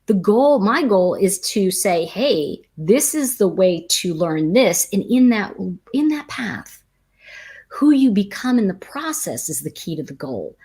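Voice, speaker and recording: A woman who teaches tarot chats casually on a livestream, telling animated stories that drift into tangents and answering viewer comments. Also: medium pitch, a little slow, breathy edge.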